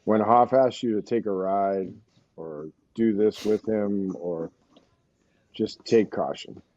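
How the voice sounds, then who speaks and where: Low, mellow man on a muffled line. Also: slow pace. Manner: wry, teasing warnings. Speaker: podcast guest. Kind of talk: casual chat. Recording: muffled dry lo-fi sound.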